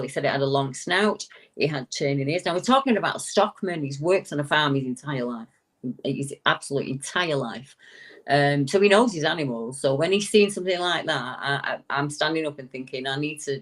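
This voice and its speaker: A woman telling a long story in a casual, lively way. She leaps up into a high voice whenever she quotes someone, and she often restarts a sentence partway through. She sounds like a guest chatting on a talk show. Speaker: guest paranormal investigator.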